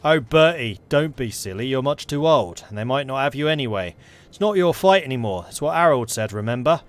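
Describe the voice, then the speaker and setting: A man's voice: medium pitch, expressive, brisk, close to an everyday voice. A man with a South London accent voicing a tearful middle-aged English wife, pleading and choked up.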